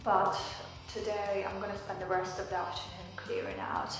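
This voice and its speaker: A woman's voice: mid-range voice, big pitch swings, normal speed, far from the mic. A woman vlogging her house renovation, talking anxiously and venting her frustration with frequent swearing. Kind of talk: casual vlog talk to camera. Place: house under renovation, indoors. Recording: very echoey empty room, from afar, with music.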